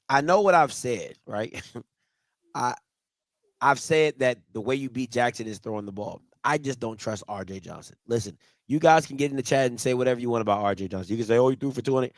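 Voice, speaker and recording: A man hosts a college football talk show in a lively, sing-song voice, running the questions and weighing the matchups. The sound is dry and close to the mic. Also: medium pitch, moderate pace, no room sound. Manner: lively, leads the segments, asks the questions. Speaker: host. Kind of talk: sports talk show hosting.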